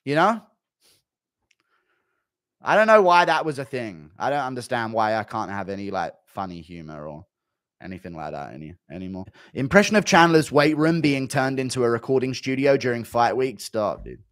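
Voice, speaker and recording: Young man, casual stream chat, lively swooping pitch, swears a lot, laughs often. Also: normal speed, dry recording, studio quality. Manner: laughing, profane, mock-exasperated. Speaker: streamer reading paid chat messages.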